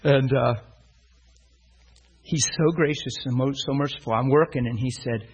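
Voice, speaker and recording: Husky-voiced preacher telling an animated story. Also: male voice, mid-range voice, measured pace, long pauses, poor audio. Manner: animated storyteller acting out dialogue. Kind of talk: sermon storytelling.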